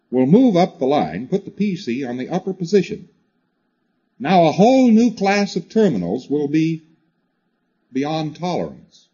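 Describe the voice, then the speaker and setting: A man's voice: fairly high pitch, dark tone, husky, dull audio. A man lecturing a class in a conversational way, driving his points home with repetition and frequent "you see" asides.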